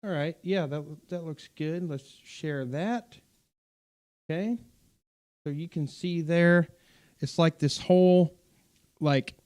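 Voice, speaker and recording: Mellow-voiced man chatting on a live stream. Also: medium pitch, clear, resonant tone. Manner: rambling, self-correcting, many fillers and restarts. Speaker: pastor and streamer hosting a live Q&A. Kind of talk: casual live-stream chat reading viewer comments.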